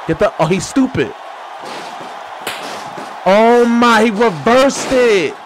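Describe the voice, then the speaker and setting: A man commentating his own wrestling game playthrough with profane, excitable trash talk. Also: very high voice, takes it slowly, slight background noise. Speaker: gaming channel host. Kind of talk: let's play commentary. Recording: game music behind.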